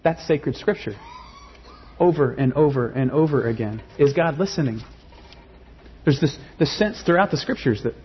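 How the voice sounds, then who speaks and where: A man's voice: fairly high pitch, husky, muffled recording. A man preaching a sermon in an earnest way, often repeating words and rising into passionate pleading. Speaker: pastor.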